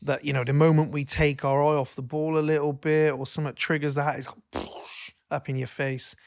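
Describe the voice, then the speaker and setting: A man co-hosting a podcast, his slightly higher-than-usual voice full of gravelly fry. He rambles and restarts his sentences, swears casually, and lifts into animated storytelling. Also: brisk. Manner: rambling, self-interrupting, animated when telling stories, swears. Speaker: podcast co-host. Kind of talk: casual chat.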